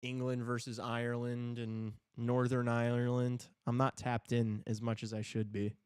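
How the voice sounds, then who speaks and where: A man's voice: mid-range voice, completely flat delivery, normal speed, darkish tone, clean tone, no room sound, clean studio sound. A man hosting a live hockey stream, chatting in a laid-back, rambling way and swearing casually. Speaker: podcast host.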